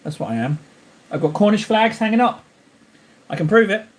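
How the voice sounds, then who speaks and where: A man from Cornwall chats casually with his viewers as he paints miniatures. He rambles and jokes, and his voice rises and falls freely in a fairly high register. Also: animated, moderate pace. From Cornwall, England. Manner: jokey, rambling, talks to chat. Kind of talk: casual live-stream chat.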